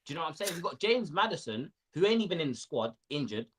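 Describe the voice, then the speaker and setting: A man's voice: fairly high pitch, sing-song, fast, husky. A young man, ranting animatedly in casual football chat on a panel show.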